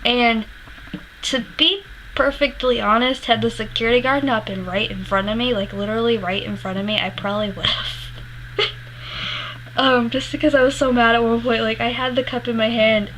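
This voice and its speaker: A woman's voice: fairly high pitch, steady tone, moderate pace, fairly bright tone, slight background noise, rough recording. A young woman telling a concert story in a casual vlog, candid and rambling, swearing freely and laughing often. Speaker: music vlogger.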